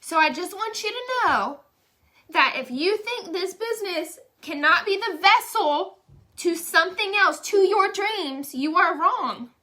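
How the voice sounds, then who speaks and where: A woman's voice: extremely high pitch, lively intonation, measured pace, bright, forceful tone. A young woman giving a candid, emotional motivational testimonial, chatty and saying y'all. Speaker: direct sales leader.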